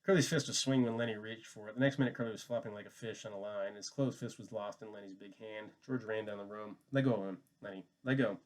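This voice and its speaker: A man narrating a classic novel in a measured, steady reading voice that sits on the low side. He keeps the narration even and plain between the characters' lines. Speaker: audiobook reader. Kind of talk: novel read aloud.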